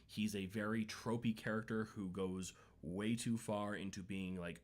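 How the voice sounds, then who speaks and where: A man's voice: on the low side, steady tone, measured pace. Rambling, profane man on a podcast. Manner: rambling, profane, emphatic rants. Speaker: podcast co-host. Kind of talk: casual chat.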